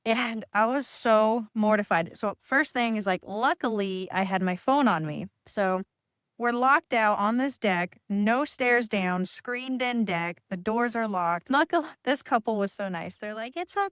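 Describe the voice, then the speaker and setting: A woman, a real estate agent, telling an embarrassing story in a casual, animated, self-deprecating way. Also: fairly high pitch, measured pace, clean tone, no echo, clean studio sound.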